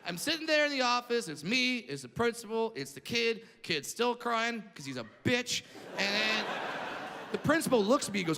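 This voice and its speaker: A man's voice: high-pitched, sing-song, moderate pace, a little hiss or hum. A man from California doing a brash, profane stand-up set, acting out the people in his stories. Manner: brash, profane storytelling with acted-out quotes. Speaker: stand-up comedian. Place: large theater stage before a laughing audience. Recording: live theater with long reverb, loud crowd.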